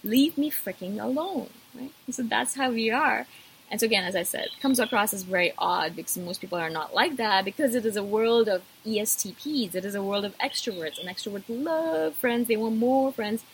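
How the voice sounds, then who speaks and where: A woman's voice: a little high, expressive, a little fast, slight background noise, poor audio. Emphatic woman vlogging to her viewers. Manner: emphatic and repetitive, addressing viewers directly. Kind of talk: casual talk to camera.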